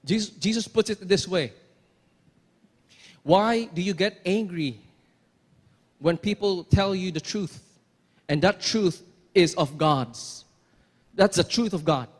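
A man's voice: sits high, slow, pauses often, husky. A man preaching a sermon, emphatic, repeating phrases and asking rhetorical questions. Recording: long hall reverb.

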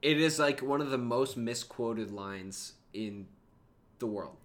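A man's voice: medium pitch, slow pace, a bit bright. A man co-hosting a podcast, chatting casually and enthusiastically, breaking into quoted lines as he retells scenes. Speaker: podcast co-host. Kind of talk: casual fan podcast chat.

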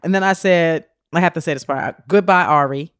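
A woman co-hosting a podcast in casual chat, animated storytelling with playful slang. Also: on the low side, quick pace, clean tone, no echo, studio quality. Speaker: podcast co-host.

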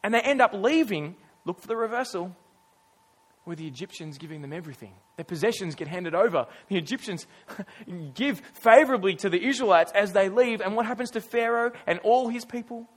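Male pastor with a high voice, earnest sermon delivery, emphatic with dramatic pauses. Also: lively intonation. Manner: casual asides among dramatic emphasis.

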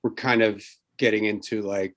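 A man guesting on a comedy podcast, talking in a rambling way with many halting restarts. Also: on the low side, steady tone. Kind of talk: casual podcast chat.

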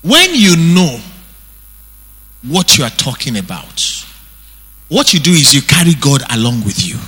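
A male pastor with a Nigerian accent, preaching an animated sermon that acts out the scriptures he quotes. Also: medium pitch, a little slow. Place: church hall. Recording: breathy voice in long hall reverb.

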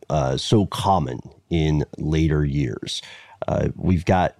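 A man with a very low voice hosts a podcast and tells a story in a relaxed, rambling way. His sound is dry and close to the mic, with no room around it. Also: dry recording. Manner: relaxed, meandering, with frequent fillers. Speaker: podcast co-host. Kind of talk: casual conversational storytelling.

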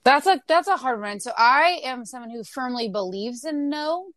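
A woman's voice: sits high, animated, moderate pace, fairly bright tone, dry recording, studio quality. A woman guest in a casual interview, explaining her parenting views thoughtfully with everyday examples. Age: adult parent.

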